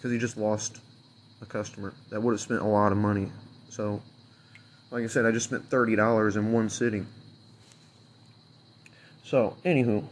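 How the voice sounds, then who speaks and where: A man's voice: lowish voice, fairly even intonation, moderate pace, pauses often, slight background noise. A man venting as an unhappy customer in a fuming, sarcastic rant full of swearing that rambles loosely from point to point. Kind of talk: angry profane rant to camera.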